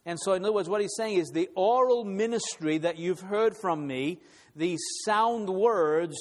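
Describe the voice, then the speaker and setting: Man preaching at a conference, emphatic, repeats key lines, higher voice, echoing hall. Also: moderate pace. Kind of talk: sermon. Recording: long hall reverb.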